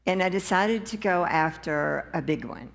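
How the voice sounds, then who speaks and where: A woman from the congregation sharing a personal testimony in an earnest, unhurried way. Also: on the low side, expressive, creaky, big-room sound. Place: church sanctuary.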